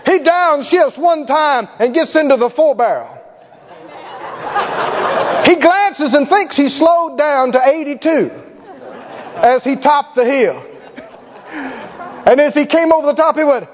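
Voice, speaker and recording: A middle-aged man preaching a sermon with stories, folksy and animated, often chuckling. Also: extremely high pitch, a little slow. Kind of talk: sermon with storytelling. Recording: echoey hall, dull lo-fi sound.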